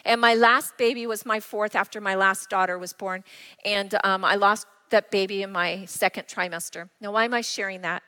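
A woman's voice: medium pitch, fairly even intonation, moderate pace, pushed and bright. Earnest woman pastor, reverberant church. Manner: personal, earnest storytelling with acted quotes. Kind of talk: sermon. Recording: long reverb of a church hall.

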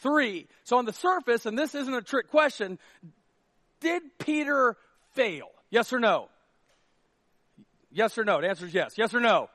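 A man's voice: very high voice, a little slow, pauses often, no echo, clean studio sound. A man, a pastor, preaching a casual, humorous sermon and acting out little scenes. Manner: animated, jokey, acts out quotes.

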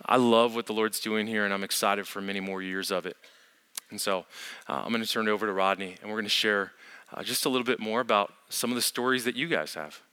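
A man's voice: fairly low pitch, fairly even intonation, fast, bright, forceful tone, clear, resonant tone. A man speaking from the front of a church, earnest and thankful as he addresses the congregation. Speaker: pastor.

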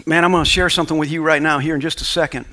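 A man's voice: fairly high pitch, steady tone, rapid-fire, sharp tone. A male pastor preaching a sermon to a congregation, reading scripture aloud and calling for responses. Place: church sanctuary with congregation.

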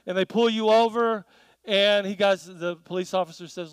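High-voiced animated male preacher. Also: normal speed, dry recording, low-quality recording. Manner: animated storytelling with audience questions. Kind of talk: sermon. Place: church.

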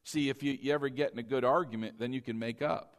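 A middle-aged pastor preaches a sermon in church, talking fast and animatedly. He builds to loud emphasis, then drops to a low, confiding tone.

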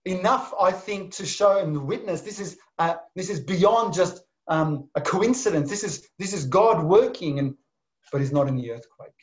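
Man preaching, loud then whispering. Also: high-pitched, expressive, moderate pace. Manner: swings from loud emphatic bursts to soft near-whispers. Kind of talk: sermon. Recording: dull lo-fi sound.

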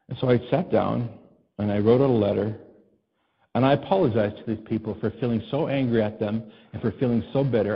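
A man's voice: mid-range voice, creaky, slightly rough, highs cut off. A man preaching a sermon to a congregation in a conversational, storytelling way, often asking the listeners questions and acting out what people said. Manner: conversational, asks the congregation questions, acts out quotes. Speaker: pastor.

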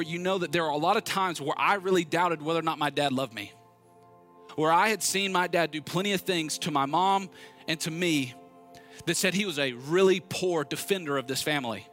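A man's voice: high-pitched, bright, forceful tone. A man preaching a sermon, telling personal stories in an earnest, conversational way that builds to urgent appeals. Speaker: pastor.

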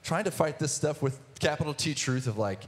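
A man's voice: a little high, expressive, a little fast. A young man in his twenties telling his personal testimony in church, earnest, with many restarts and filler words. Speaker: guest speaker sharing testimony.

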